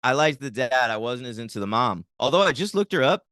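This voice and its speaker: A man co-hosting a podcast in casual chat, relaxed and fond of telling anecdotes. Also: medium pitch, quick pace, no echo, clean studio sound. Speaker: podcast co-host.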